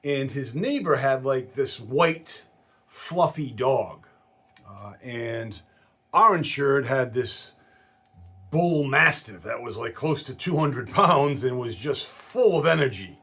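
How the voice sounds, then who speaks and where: Husky, slow-talking storyteller man. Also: mid-range voice. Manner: animated storyteller who acts out quoted voices. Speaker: insurance agent telling a story. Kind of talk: casual storytelling.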